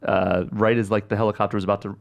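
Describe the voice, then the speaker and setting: A man's voice: on the low side, flat delivery, very fast, creaky. A man co-hosting a casual podcast chat, telling stories in a rambling way full of fillers. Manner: rambling storyteller, many fillers like "like". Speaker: podcast co-host.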